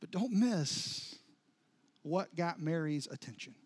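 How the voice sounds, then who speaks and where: A pastor preaching a sermon, retelling a story with dramatic soft drops and rising intensity. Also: male voice, a little high, expressive, slow pace, husky.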